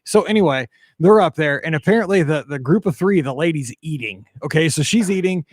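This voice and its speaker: Animated high-voiced storytelling man. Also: a little fast, no room sound. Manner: animated, acts out quotes with sound effects. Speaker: podcast host. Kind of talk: casual storytelling chat.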